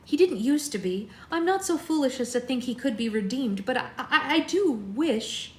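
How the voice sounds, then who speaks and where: A woman voicing a wild, ancient antlered maiden spirit who speaks softly, earnestly and with hesitation, in an echoing room. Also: high-pitched, animated, moderate pace, slight background noise, pitched above the performer's own voice. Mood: wistful. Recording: roomy room echo.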